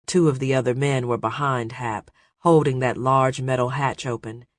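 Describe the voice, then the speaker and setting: A man narrating an adventure audiobook in a steady, measured storytelling voice. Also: mid-range voice, no echo, clean studio sound. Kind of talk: scripted narration.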